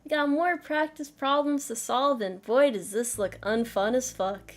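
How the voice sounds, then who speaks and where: A woman's voice: high-pitched, unhurried. A woman streaming a casual math lesson, joking at her own expense, laughing often and swearing casually.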